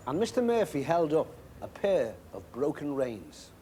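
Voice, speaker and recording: A man reading a children's Christmas story aloud, expressive and animated. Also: a little high, measured pace, slight background noise.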